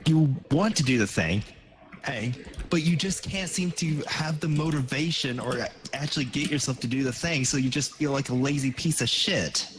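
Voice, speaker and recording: A man chatting casually on a gaming stream, blunt and swearing freely, speaking in quick bursts. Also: mid-range voice. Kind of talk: casual chat. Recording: echoey room with faint noise.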